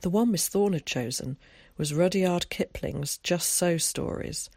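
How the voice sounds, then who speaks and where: Measured audiobook narrator, dry close sound. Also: mid-range voice, a little mellow, dry recording. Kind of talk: scripted narration.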